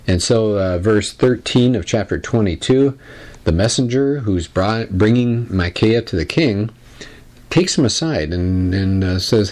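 A man leads a Bible lesson in a loose, chatty style, pausing on fillers as he retells the story. His voice is very deep and settled. He sounds like a teacher explaining to a class. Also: lively intonation, a little mellow. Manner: casual, conversational, with frequent fillers.

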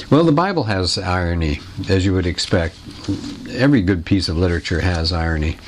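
Guy with a low voice giving a chatty lecture, clears his throat sometimes. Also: a little hiss or hum. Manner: conversational, explanatory, asks the listeners questions. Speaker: teacher. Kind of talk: lecture on literature.

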